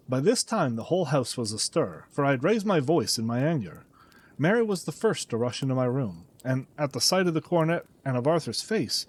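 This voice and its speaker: A man narrating a classic detective story as an audiobook, dramatic and expressive. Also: medium pitch.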